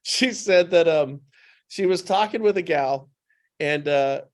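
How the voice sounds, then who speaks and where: A man's voice: on the high side, measured pace. A man talking as a podcast guest in casual conversation, telling stories with animation and repeating points for emphasis. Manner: animated anecdotal storytelling.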